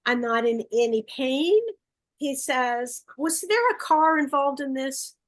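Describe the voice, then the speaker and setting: Woman medium, a bit high-pitched, warm and coaxing, relays messages on a video call. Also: takes it slowly. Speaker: psychic medium. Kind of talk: live online gallery reading.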